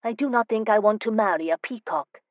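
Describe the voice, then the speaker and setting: A woman narrator voicing a spirited, teasing young woman in an audiobook, speaking with lively, emphatic delivery. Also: medium pitch, fairly quick, no echo, narrow, tinny audio, voice pushed up, natural voice. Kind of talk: audiobook character voice.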